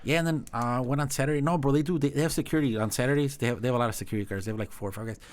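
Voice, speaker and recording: A man's voice: medium pitch, racing. A man who owns a nightclub, a guest on a podcast, telling easygoing stories in casual chat. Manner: easygoing anecdotes, lots of "like".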